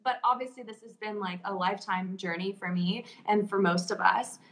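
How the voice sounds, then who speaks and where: A woman's voice: mid-range voice, steady tone, normal speed, fairly bright tone, low-quality recording. A woman hosting a casual chat, speaking earnestly and emotionally about healing and personal growth.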